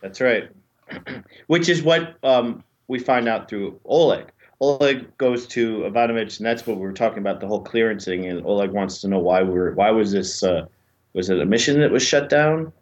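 A man's voice: on the low side, normal speed, muffled recording. A man co-hosting a podcast, chatting casually and digressively while recapping a TV episode. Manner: chatty, digressive, jokey asides. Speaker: podcast co-host.

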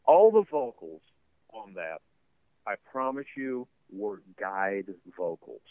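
Rambling musician on a tinny phone line. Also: male voice, lowish voice, very animated, slow, no echo. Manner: rambling, laughs often, many fillers. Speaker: musician guest. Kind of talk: casual interview chat. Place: home basement studio.

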